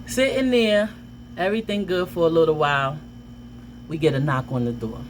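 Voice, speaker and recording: A woman vlogger telling a personal story in a casual, animated way, with dramatic outbursts. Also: low voice, moderate pace, noisy background.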